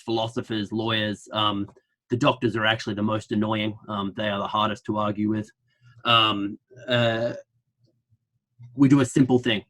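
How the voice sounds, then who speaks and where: A man with a broad Australian accent gives an online lecture. His voice sits a little low, and he keeps a flippant, joking tone as he explains his work.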